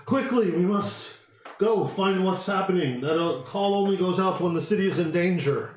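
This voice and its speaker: A man's voice: high voice, moderate pace, roomy sound, slight background noise, pitched above the performer's own voice, close to an everyday voice, rough recording. A man voicing an anxious, urgent male burgomaster in a tabletop game.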